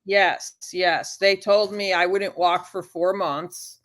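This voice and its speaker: Appearing on a laid-back talk show, a shy female guest talks softly and earnestly, halting and frequently stopping to restart her phrases. Her voice is on the low side with fairly even intonation.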